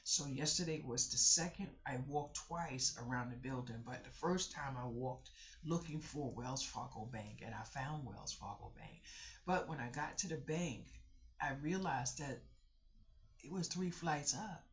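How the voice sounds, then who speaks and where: Animated storyteller on a dull recording. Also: mid-range voice, measured pace. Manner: animated storyteller, repeats "I kid you not", acts out others' voices; chatty, addresses viewers directly. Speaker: vlogger. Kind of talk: casual storytelling vlog.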